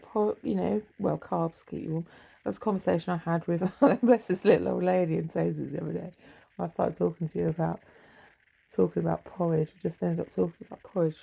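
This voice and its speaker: A middle-aged woman talks in a rambling, offhand way, with a gravelly, husky edge to her voice. Her tone is low and mellow, and she drifts between wry asides and casual swearing as she chats from home. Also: poor audio. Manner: chatty, wry, swears freely, laughs at own asides. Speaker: vlogger. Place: home bedroom.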